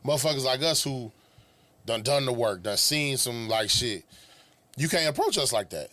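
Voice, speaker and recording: A man's voice: mid-range voice, lively intonation, normal speed, pushed and bright, no echo. A man co-hosting a podcast, riffing loosely in casual chat with profane slang. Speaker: podcast co-host.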